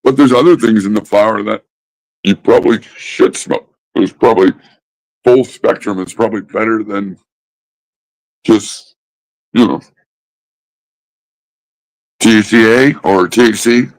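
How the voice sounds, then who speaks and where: A man ranting casually about smoking habits, swearing constantly and mocking others with drawn-out pauses. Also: lowish voice, poor audio. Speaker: host. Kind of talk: casual profane rant.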